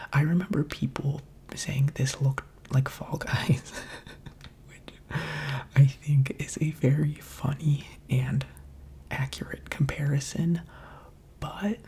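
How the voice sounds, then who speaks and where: A man gives whispered ASMR gaming commentary, close on the microphone. His soft, mostly breath-only voice is mellow, with a gravelly edge, and he rambles in a chatty, playful way full of filler words. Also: mid-range voice.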